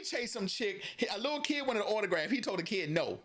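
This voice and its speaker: A man with a high, bright voice spins funny stories in a casual podcast chat. He laughs as he goes and drops into little voices for the people in his tales. His tone stays loose and lively throughout. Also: quick pace, few pauses. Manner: animated storyteller, laughs often, acts out voices. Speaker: podcast co-host.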